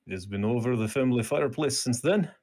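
A man's voice: mid-range voice, darkish tone, natural voice. A man doing a solemn Ukrainian factory worker. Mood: resolute. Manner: halting, solemn, broken English. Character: weary Ukrainian male factory worker, desperate father. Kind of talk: tabletop role-play in character.

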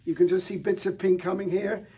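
A middle-aged man presenting flowers in an enthusiastic, relaxed showcase talk, with frequent fillers. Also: high voice, a little fast, breathy edge. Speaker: florist presenter.

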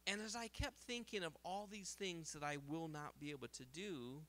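A middle-aged man, an optometrist, speaking at a seminar in a lively storytelling way and laughing at his own jokes. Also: fairly high pitch, moderate pace. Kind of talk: seminar talk with anecdotes. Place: seminar hall.

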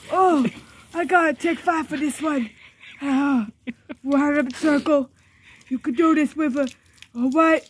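A woman voicing a playful, boastful pet dog battling water, speaking in excited, stammering baby-talk for a home video. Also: very high-pitched, full character voice.

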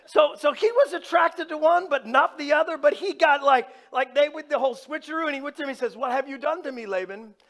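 A pastor giving an animated, informal sermon, talking straight to his congregation. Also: extremely high pitch, fairly quick, gravelly, few pauses. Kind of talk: conversational sermon.

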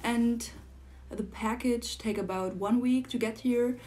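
A young woman from Germany, whose first language is German, gushing with breathless excitement as she unboxes a model horse for her vlog and repeats herself often. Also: fairly high pitch, slow pace, a little hiss or hum. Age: young adult. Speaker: model horse collector vlogger.

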